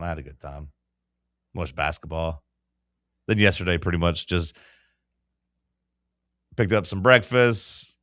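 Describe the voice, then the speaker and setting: A man's voice: low-pitched, a bit bright, clear, resonant tone, dry recording, clean studio sound. A man hosting a sports radio show, telling a long story in casual chat and acting out the voices of the people he quotes.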